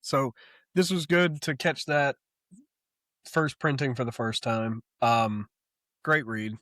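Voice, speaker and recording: A young man co-hosting a casual comic book podcast, talking in an animated, profane way and mocking the characters he retells. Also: mid-range voice, slow, dry recording, studio quality. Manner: animated, profane, mocks characters in quoted asides. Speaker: podcast co-host.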